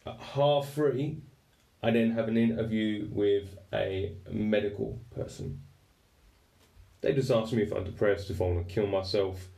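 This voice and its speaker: A man's voice: on the low side, a little slow, creaky, mellow. A man with an English accent telling a personal story candidly, swearing freely and speaking with raw emotion. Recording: roomy echo, distant from mic.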